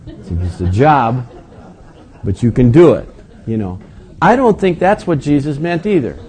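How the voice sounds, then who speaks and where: A man's voice: mid-range voice, very animated, normal speed, a little mellow. A man preaching a sermon in a conversational, folksy way, with joking asides to his congregation. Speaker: pastor.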